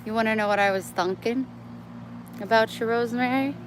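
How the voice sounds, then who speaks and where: Briskly and with a voice on the high side, a woman vlogs on her phone while out walking, rambling to viewers and drifting easily off track. The audio includes outdoor street sounds and passing vehicles.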